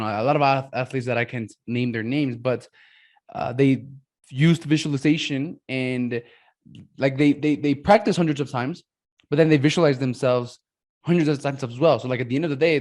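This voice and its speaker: A man's voice: mid-range voice, a little mellow. A man hosting a podcast, talking enthusiastically and tagging his points with "man" and "right?". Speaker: podcast host. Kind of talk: casual interview talk.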